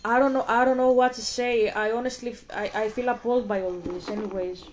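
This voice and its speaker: A woman's voice: fairly high pitch, fairly even intonation, fairly quick, lo-fi sound, soft background music. A woman hosting a reaction video, rambling and exasperated as she stumbles over her words. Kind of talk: casual reaction commentary.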